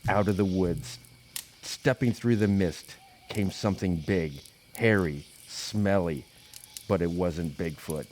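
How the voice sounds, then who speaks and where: A man, a podcast host, narrating a comedic spooky story in a deadpan voice that keeps cracking into laughter. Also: deep voice, slow pace, slight background noise.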